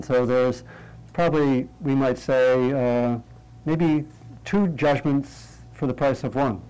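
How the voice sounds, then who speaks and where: A man leading a meditation class in an interactive talk, lighthearted and checking in with the group, thinking aloud through pauses and restarts. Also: mid-range voice, fairly even intonation, dark tone, clear, resonant tone, poor audio. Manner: light, humorous, often checks in with "right?". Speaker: meditation teacher.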